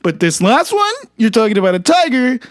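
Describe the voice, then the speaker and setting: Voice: medium pitch, very animated, a little fast, no room sound, clean studio sound, close to an everyday voice. A performer voicing a boastful, crude male frog athlete in improvised comedy banter, rambling and cocky.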